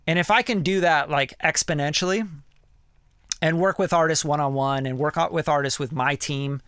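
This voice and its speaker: A man talking on a live stream, his voice sitting a bit high for a guy with a gravelly, fry-laden edge. He rambles candidly, peppering everything with "like" and "you know" and swearing freely. The sound is close and dry, with no room around it. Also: normal speed, a bit bright, no room sound. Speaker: music producer hosting a live stream. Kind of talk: casual live-stream talk.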